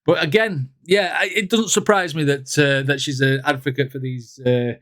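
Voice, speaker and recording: A man talks through a music reaction in a chatty, rambling way, full of ums and restarts. His voice sits a little high for a man. It comes across dry and close, with no room sound. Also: steady tone, normal speed, a bit bright, dry recording. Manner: rambling, filler-heavy, chatty. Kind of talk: casual reaction commentary.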